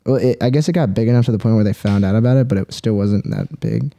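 A man's voice: on the low side, fast, dark tone. A young man chatting casually as a podcast guest, rambling with many fillers and frequent laughs.

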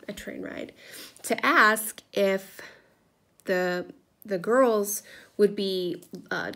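A woman's voice: medium pitch, a bit bright. Chatty woman vlogging while she crafts. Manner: chatty storytelling with fillers. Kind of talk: casual chat while crafting. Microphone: camera propped on a table.

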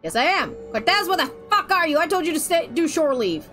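A woman streaming a video game, chatting and joking into a desk microphone and swearing freely. Her voice sits high, with a little music in the background. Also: sing-song, fairly quick, fairly bright tone. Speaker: gaming streamer. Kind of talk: let's play commentary.

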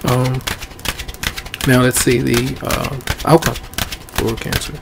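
A man giving a casual tarot reading, easygoing and rambling, his voice going hoarse. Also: mid-range voice, flat delivery, slow, heavy background noise. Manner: easygoing, rambling with many ums. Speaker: tarot reader.

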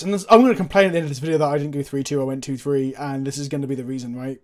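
A man's voice: medium pitch, fairly even intonation, very fast, hardly any pauses, darkish tone. Man thinking aloud over a card game. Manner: thinks aloud, asks viewers questions, swears in frustration. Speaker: host, gameplay commentator.

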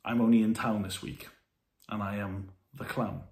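A glum patient who cannot laugh speaks flat and downcast. A man voices him while telling a joke, and the room adds a noticeable echo. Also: on the low side, moderate pace, gravelly.

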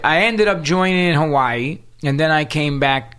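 A man's voice: on the high side, moderate pace, few pauses, a bit bright, clean tone. Profane New man telling stories. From New York City. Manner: profane, streetwise storyteller acting out quoted voices. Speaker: guest. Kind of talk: storytelling in casual conversation.

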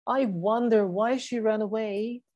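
A woman voicing a young girl in a storybook, lifting her pitch as she reads the lines aloud. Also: fairly even intonation, a little slow, darkish tone, no echo, dull audio, lightly acted. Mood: wistful. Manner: storybook reading voice, raised pitch.

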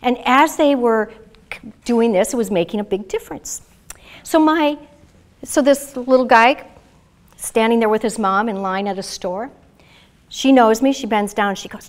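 A middle-aged woman, founder of a self-care method, calmly guides listeners through exercises and tells stories with enthusiasm. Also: on the high side, moderate pace, long pauses. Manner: calm, guiding, enthusiastic. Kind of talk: guided instruction and storytelling.

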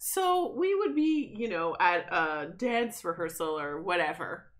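A woman's voice: fairly low pitch, big pitch swings, measured pace. A woman co-hosting a podcast, telling stories animatedly and laughing often. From Canada. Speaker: podcast co-host. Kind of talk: casual chat.

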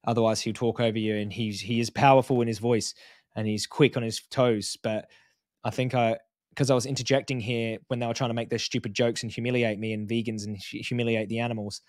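A man's voice: mid-range voice, level tone, brisk, no room sound, clean studio sound. A man giving casual reaction commentary as a vegan activist, blunt and mocking, often calling people "mate".

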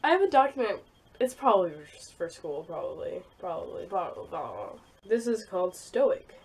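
A young YouTuber looks through old files in a casual vlog, rambling, giggling, and poking fun at herself. Her mid-range voice is expressive and brisk, a little mellow and slightly rough, with vocal fry.

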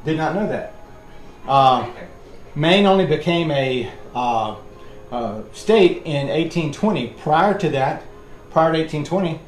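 A middle-aged man, a fitness instructor rambling and counting reps as he leads a workout class. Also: fairly high pitch. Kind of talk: leading a workout class with chat. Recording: echoey room with background noise.

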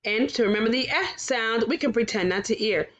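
A woman teaching a recorded phonics lesson to young children, sounding out vowels and letters clearly and encouraging them. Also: fairly high pitch, fairly quick. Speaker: kindergarten teacher.

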